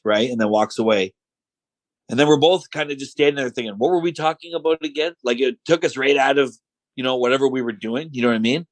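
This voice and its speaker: Male podcast guest, lively raconteur, middle-pitched, dry recording. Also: no echo, low-quality recording. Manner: animated, acts out quotes. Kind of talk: casual storytelling.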